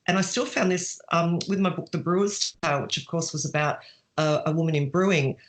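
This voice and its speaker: A middle-aged woman author with a rather low, brisk voice gives casual interview answers. She's chatty, often restarts her sentences, and laughs her way through her stories.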